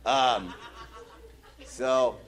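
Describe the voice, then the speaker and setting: Very slowly, in a medium-pitched voice, a Midwestern American comedian performs stand-up on a club stage while the audience laughs. He animatedly acts out strangers in his tales, imitating drunks with mumbled voices.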